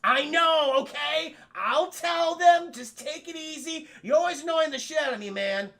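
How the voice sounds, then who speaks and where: A man voicing a paranoid male survivor who talks in a hushed, urgent and crude way. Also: sits high, sing-song, fairly quick, vocal fry, full character voice. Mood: jittery.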